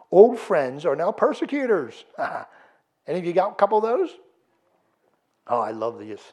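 A man's voice: a little high, a little mellow. A man preaching a sermon as pastor, firing rhetorical questions and building in intensity. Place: church.

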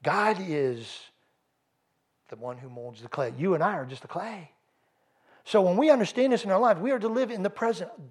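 Male pastor, sermon, rhetorical questions, rising intensity, church, fairly high voice. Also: slightly rough.

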